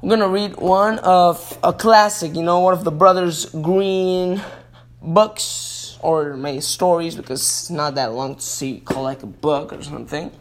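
Chatty man reading a kids' story, slow. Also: a little high, slight background noise. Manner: chatty, stumbles and corrects himself. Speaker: podcast host.

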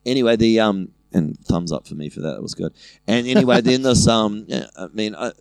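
A man's voice: lowish voice, brisk, vocal fry, a little mellow, smooth, dry recording. A man in his thirties with a New Zealand accent, a comedian telling a blunt, profane story on a podcast. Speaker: comedian guest.

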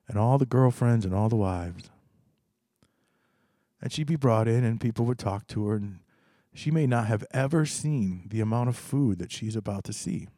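A man's voice: medium pitch, mellow, no room sound, studio quality. A man telling a personal story to listeners in a conversational way, speaking to them directly. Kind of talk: spoken storytelling to an audience.

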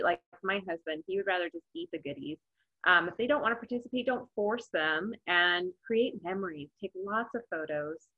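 Husky-voiced chatty woman baker. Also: mid-range voice, phone-quality sound. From Arizona. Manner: chatty, laughs easily. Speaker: guest, macaron baker. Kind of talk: casual podcast chat.

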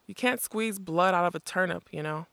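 A reader voicing a huge, gruff male outlaw with rough rustic grammar, in a storybook reading. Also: mid-range voice, moderate pace, a bit bright, no room sound. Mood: grumbling.

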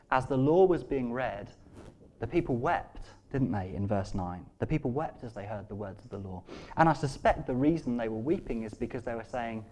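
A man preaching a sermon, moving between quiet, hushed scripture reading and rising, emphatic appeals. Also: medium pitch.

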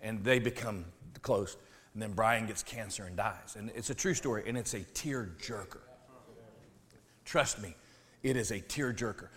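This male pastor's sermon includes a comic personal anecdote delivered at normal speed. His telling is lively and playful, sinking low before he yells.

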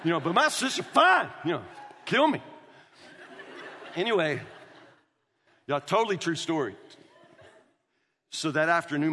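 A man's voice: mid-range voice, fairly bright tone. A man, a pastor telling a story in a sermon and calling the crowd "y'all.". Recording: reverberant hall.

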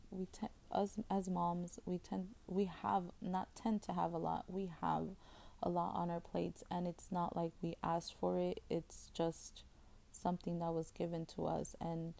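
A woman's voice: lowish voice, creaky, mellow. A woman in her thirties hosting a podcast, talking in a rambling, casual way with many fillers and restarts, openly emotional. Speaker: podcast host. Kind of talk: casual chat.

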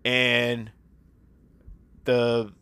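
A man's voice: mid-range voice, monotone, very slow, sharp tone, clean tone, no room sound. A man in his forties, a teacher, talking casually and candidly in a personal audio diary, rambling and swearing freely.

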